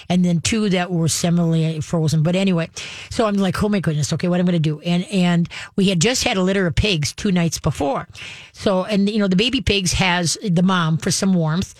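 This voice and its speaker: A woman's voice: on the low side, dry recording, clean studio sound. A woman telling a long story in casual conversation, full of fillers and restarts. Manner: rambling, many fillers and restarts.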